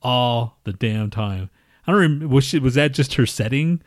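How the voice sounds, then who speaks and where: A man's voice: mid-range voice, animated, moderate pace, dry recording, studio quality. A man co-hosting a podcast, chatting casually with lots of swearing, laughter and teasing. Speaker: podcast co-host. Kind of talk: casual crude banter.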